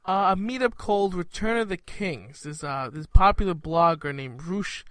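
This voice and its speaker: Brooklyn-accented male co-host, fairly high voice, dry recording, wry quips. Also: normal speed, clean tone, dry recording. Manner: wry, deadpan one-liners. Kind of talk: casual talk show banter.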